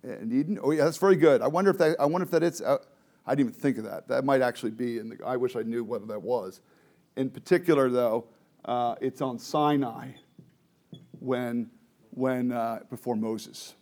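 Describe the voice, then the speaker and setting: A man's voice: medium pitch, normal speed, darkish tone. A man teaching a Bible study to a group, explaining the text and asking the group questions.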